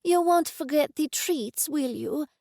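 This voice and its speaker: Woman doing a cranky talking cat: high, snippy, demanding. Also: measured pace, mellow, dry recording, studio quality. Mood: irritated. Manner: irritated, demanding. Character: sassy, irritable female talking cat.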